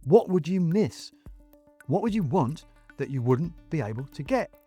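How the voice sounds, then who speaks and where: A man's voice: fairly high pitch, sing-song, a little slow, mellow, husky, faint music behind, voice pushed up, heavily acted. A man voicing a polite young warehouse packer who reasons patiently.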